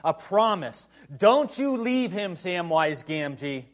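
A man's voice: sits high, very animated, slow, pitched above the performer's own voice, full character voice. A man preaching, quoting the words of a loyal young hobbit gardener in an earnest, pleading voice.

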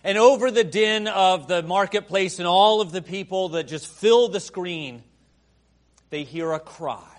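Pastor, male, high voice, unhurried delivery; dramatic sermon with soft prayerful passages and loud emphatic peaks.

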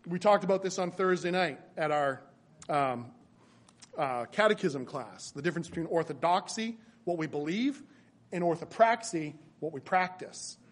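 A man with a notably high voice delivers a sermon from the pulpit. He preaches earnestly and repeats key phrases for emphasis, rising and falling as he drives his points home. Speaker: pastor.

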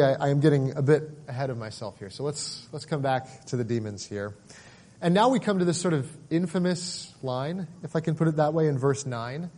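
A man preaching a sermon with earnest emphasis, his voice sitting a little higher than most men's. He is middle-aged and speaks in a measured pulpit manner, pausing and leaning into key words. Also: darkish tone. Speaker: pastor.

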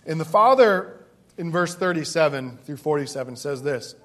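A man's voice: on the high side, animated, moderate pace, fairly bright tone. A man preaching a sermon, telling a personal story with emphasis and asides to the congregation. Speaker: pastor.

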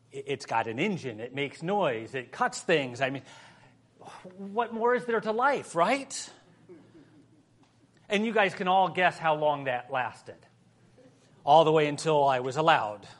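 A male pastor preaching a sermon, telling a humorous personal story and moving between soft prayer and lively emphasis. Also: a little high.

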